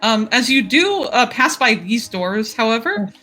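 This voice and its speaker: A woman narrating as game master of a tabletop game, unhurried, with many fillers and frequent laughs. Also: a little high, sing-song, pushed and bright, soft background music.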